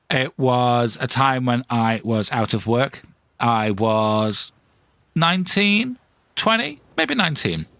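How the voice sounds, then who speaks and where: A man's voice: medium pitch, fairly bright tone, no echo. A man hosting a comedic podcast monologue, ranting in a self-mocking way. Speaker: podcast host.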